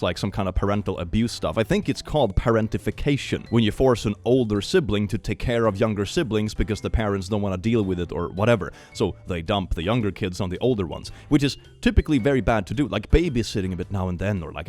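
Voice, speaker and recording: Man, host, casual reaction commentary, low voice, swooping intonation, faint music behind. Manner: animated, amused asides with frequent laughter.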